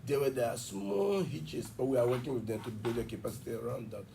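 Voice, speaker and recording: A man's voice: mid-range voice, expressive, vocal fry, warm tone, distant mic, slight background noise. A man, an education official explaining at length in a TV interview. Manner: fast, emphatic explaining with examples. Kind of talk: television interview.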